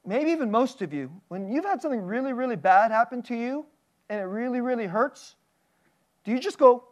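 Pastor, sermon, animated, frequent laughs, questions to the crowd, acts out voices. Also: medium pitch, brisk. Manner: animated, laughs often between phrases; asks the audience many questions.

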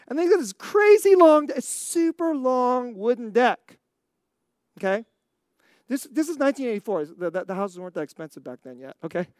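An American preacher telling a story in a sermon, animated, acting out scenes and laughing often. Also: sits high, fairly quick, dry recording, clean studio sound. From United States.

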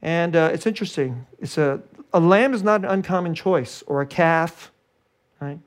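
A preacher delivering a sermon, repeating and restarting phrases and chuckling between points. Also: moderate pace. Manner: animated, swinging from loud high emphasis to hushed low delivery.

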